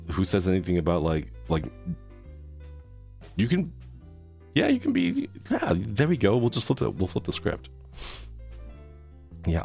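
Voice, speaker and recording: A man's voice: deep voice, creaky, darkish tone. A man in his thirties chatting casually on a live stream, reacting to chat with groans and laughs. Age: 30s.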